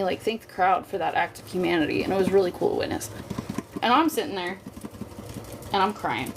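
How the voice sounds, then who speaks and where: Chatty woman livestreaming over background noise. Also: medium pitch. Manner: chatty, candid, swears freely, addresses viewers as y'all. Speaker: livestream host. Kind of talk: casual chat to a live chat.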